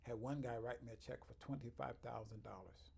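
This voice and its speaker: A chiropractor telling stories in an interview, acting out other people's voices and swinging from quiet to loud. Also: male voice, mid-range voice, steady tone, fairly quick, gravelly, husky. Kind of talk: storytelling interview.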